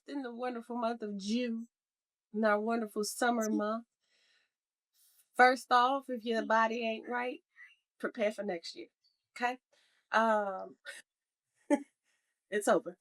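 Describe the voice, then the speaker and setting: A woman's voice: on the high side, takes it slowly, pauses often, fairly bright tone. A woman co-hosting a podcast in casual chat, rambling and playful, laughing often. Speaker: podcast co-host.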